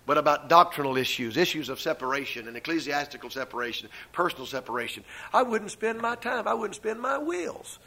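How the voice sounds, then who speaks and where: An older man preaching a sermon as pastor, stressing slow repeated refrains between fast stretches. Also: mid-range voice, bright, forceful tone, low-quality recording.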